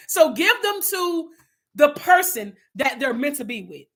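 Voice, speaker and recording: A woman with a high, sing-song voice leads an online Bible study at an unhurried pace, offering casual spiritual talk straight to her viewers. Heartfelt and earnest, she calls them "y'all" and rambles, frequently restarting her sentences.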